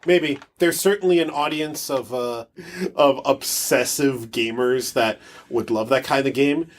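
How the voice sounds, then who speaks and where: A man's voice: medium pitch, unhurried, a little hiss or hum. A man co-hosting a casual gaming podcast, joking and mocking himself, often stumbling and restarting his words. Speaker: podcast co-host.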